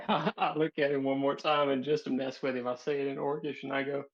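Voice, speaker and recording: A man's voice: medium pitch, fairly even intonation, fairly quick. Eager man on a dull lo-fi line. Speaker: player. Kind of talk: playing a tabletop game.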